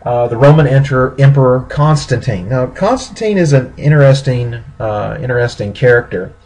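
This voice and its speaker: Male lecturer, slightly raspy voice, measured teaching delivery with restarts. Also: medium pitch, low-quality recording. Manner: steady explanatory pace with pauses and self-corrections. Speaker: history lecturer. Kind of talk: recorded classroom lecture.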